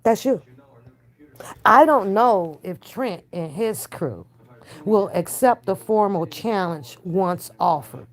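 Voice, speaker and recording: A woman's voice: mid-range voice, expressive, takes it slowly. An older woman hosting a reaction stream, trading blunt, profane trash talk and then cooing at her toddler grandson. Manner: switches to doting baby talk with a toddler. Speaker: reaction channel host. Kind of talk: casual livestream commentary.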